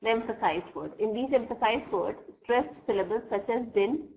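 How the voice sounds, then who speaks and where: A woman's voice: on the high side, moderate pace, a little mellow, poor audio. A woman teaching an online English class, reading from her notes and checking in with her students as she goes. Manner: reads notes aloud, checks in with "right?" and "fine?".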